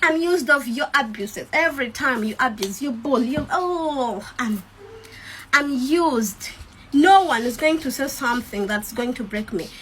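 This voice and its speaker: A woman's voice: high voice, lively intonation, measured pace, a little hiss or hum. A woman with a Ugandan English accent ranting defiantly at her online critics, emphatic and repetitive. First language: Luganda. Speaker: social media creator. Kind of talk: defiant rant to followers.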